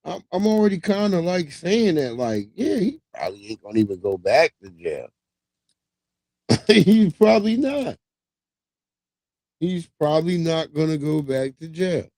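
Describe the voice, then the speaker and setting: Male streamer, 30s, lively swooping delivery, close dry sound, casual profane commentary. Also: fairly high pitch, a little slow, no room sound. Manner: loose, profane, animated storytelling. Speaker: livestream host. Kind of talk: casual commentary on news clips.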